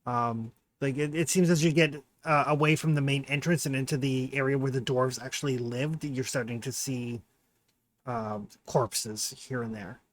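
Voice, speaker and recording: A man's voice: mid-range voice, steady tone, moderate pace. A man narrating as game master in a casual, rambling way with many fillers.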